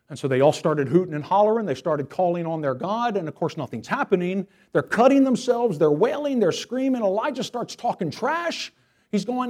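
A male pastor preaching a sermon to his church, telling a story in an animated, storytelling way. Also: sits high, normal speed.

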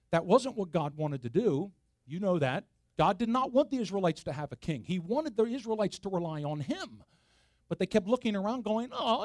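A man's voice: high-pitched, a little mellow, no echo, studio quality. A man preaching a sermon, emphatic and full of rhetorical questions to the congregation.

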